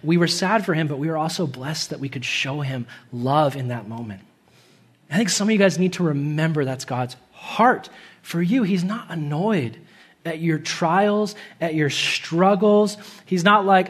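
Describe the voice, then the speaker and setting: Young male pastor, conversational sermon, animated, fairly high-pitched. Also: unhurried, husky. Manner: casual and animated, laughs often, acts out quotes in high voices. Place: church hall.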